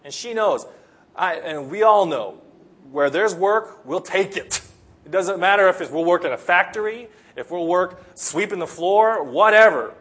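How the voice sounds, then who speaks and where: A man's voice: high-pitched, expressive, a little slow, fairly bright tone, slightly rough. A man from the Philippines, preaching a sermon in an earnest, conversational way. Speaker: pastor.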